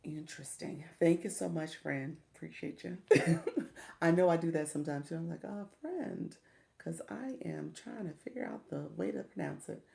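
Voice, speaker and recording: A middle-aged woman with a low, creaky, dark voice coaches viewers on a casual livestream at a moderate pace. She chats and greets people by name, often stumbling over pronunciations, and keeps an encouraging tone with a repeated "okay?".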